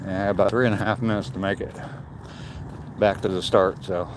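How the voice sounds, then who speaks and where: An older man, chatting in a relaxed, rambling way on a live walk and greeting viewers by name. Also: sits low, moderate pace, background noise. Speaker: vlogger walking and reading chat. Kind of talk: casual chat on a live walk. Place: outdoors on a walk.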